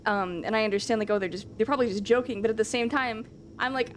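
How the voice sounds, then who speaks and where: A woman's voice: on the high side, fast, a little hiss or hum. A woman streamer chatting casually with her live audience, rambling along with lots of fillers and the odd swear.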